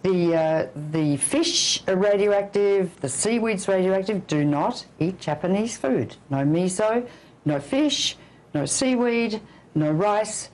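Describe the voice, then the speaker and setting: A woman's voice: mid-range voice, lively intonation, takes it slowly, a little mellow, poor audio. An older woman physician giving an interview, talking emphatically and issuing blunt warnings. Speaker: physician and anti-nuclear campaigner. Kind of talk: interview guest.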